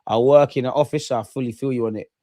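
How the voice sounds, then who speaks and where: A young man from England in his twenties, chatting casually on a live stream, slangy and animated, repeating himself and swearing freely. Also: medium pitch, fast, no echo, studio quality. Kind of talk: casual live-stream chat reading viewer comments.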